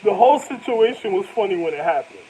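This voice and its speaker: A man's voice: high-pitched, lively intonation, fast, dark tone, husky, poor audio. A man telling rambling stories to camera in loose slang, laughing often as he goes. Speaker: vlogger. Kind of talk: casual storytelling to camera.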